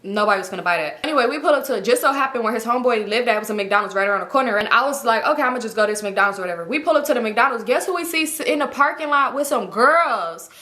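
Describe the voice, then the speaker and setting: A woman vlogger telling a story to her viewers in a lively, slangy way, acting out each quote. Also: fairly high pitch, rapid-fire, hardly any pauses. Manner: animated, slangy, acts out every quote.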